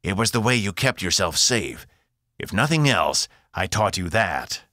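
Male narrator as a sneering, gravelly phantom father; cold taunts, dry read. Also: low-pitched, sing-song, measured pace, pushed and bright, dry recording, voice pushed up, full character voice. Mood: taunting. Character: cruel phantom father, older man, sneering.

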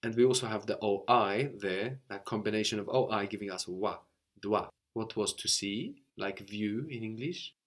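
Man, language teacher, lowish voice, patient, explains step by step, checks in with "no?". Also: moderate pace, fairly bright tone. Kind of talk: guided language lesson.

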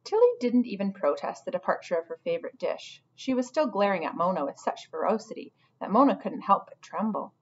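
A woman teacher reads a storybook aloud in a patient, instructive way, stopping to guide her listeners. Her voice sits at an ordinary pitch. The recording is dull and lo-fi. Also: expressive, a little fast, hardly any pauses, breathy edge. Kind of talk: storybook read-aloud with asides to students.

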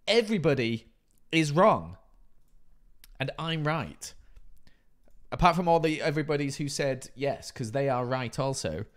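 A man's voice: medium pitch, moderate pace. A man in his thirties, chatting casually with his live stream audience and reading out chat messages in a playful way. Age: 30s. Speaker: livestreamer.

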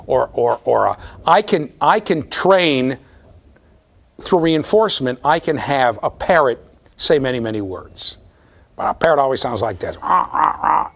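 A man giving a university lecture, animated, often checking in with the students and repeating his words. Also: medium pitch, vocal fry. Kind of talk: classroom lecture.

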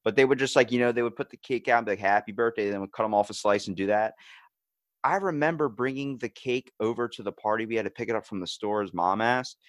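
Podcast host guy, mid pitch, dry close sound, acts out all the quotes and swears a lot. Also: fast talker, dry recording. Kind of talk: casual chat.

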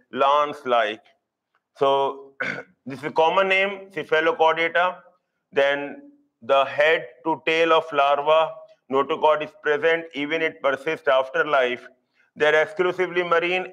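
Slow, repetitive teacher. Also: male voice, a little high, a bit bright, low-quality recording. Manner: slow, repeats key terms, asks students if they follow. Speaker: zoology teacher. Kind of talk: live online lecture.

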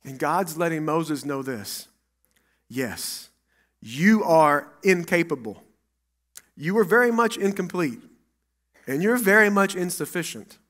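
A man preaching a sermon as pastor in a church, acting out Bible dialogue and swinging between loud and hushed. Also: on the high side, animated, slow, pauses often.

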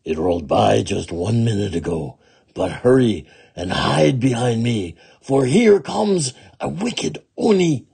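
A man voicing a calm, kindly god statue in a children's storybook, giving gentle warnings. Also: mid-range voice, measured pace, creaky, husky, full character voice.

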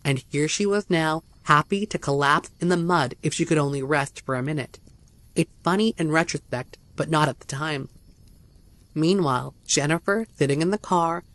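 A man's voice: fairly high pitch, fairly bright tone, no room sound. A man reading a first-person horror story aloud as a narrator, tense and dramatic.

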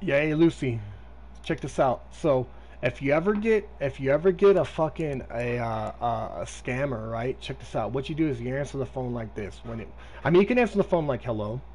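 A man's voice: medium pitch, expressive, a little fast, a little mellow. A man streaming a video game, chatting casually and rambling with lots of swearing. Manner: profane, rambling, talking to a friend. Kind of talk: casual gaming stream chat.

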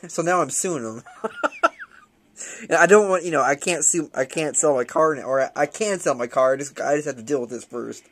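A man's voice: a little high, fairly quick, a bit bright, a little hiss or hum. A young man ranting casually and profanely while playing a shooter game, rambling and laughing often.

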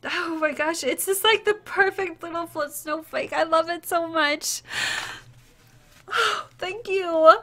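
A woman's voice: very high-pitched, slow, sharp tone. A woman streaming live to her viewers, gushing and tearful as she opens a gift, exclaiming often. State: tearful, close to crying.

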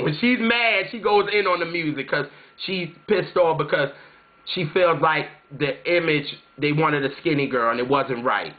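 A man from South Carolina telling a story casually to his viewers, chatty and rambling, often saying "you know what I'm saying". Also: mid-range voice. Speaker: music vlogger. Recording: tinny phone-like sound.

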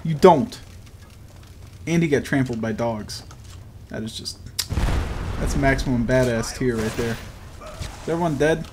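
A young man giving casual, profane, joking commentary while playing a video game, quick to get frustrated. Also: mid-range voice. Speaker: gaming video host. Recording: audible background noise.

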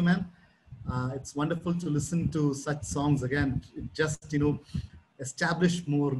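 Pastor guy from kerala giving a youth bible study over a video call, slightly high voice, chatty storyteller, faint hiss behind. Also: rough recording. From Kerala, India. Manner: chatty, storytelling, acts out both sides of a phone conversation.

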